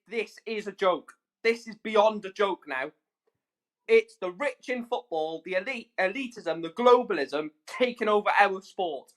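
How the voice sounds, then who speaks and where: A YouTube streamer with a high-pitched, fairly bright voice goes on a furious livestream rant, swearing and repeating himself for emphasis.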